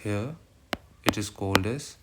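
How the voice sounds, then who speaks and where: Man, Indian English accent, fairly low voice, explanatory lecture, heavy background noise. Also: a little slow. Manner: explanatory, checks in with frequent "right?". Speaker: exam-prep teacher. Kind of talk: classroom lecture mixing English and Hindi. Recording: loud background noise with clicks.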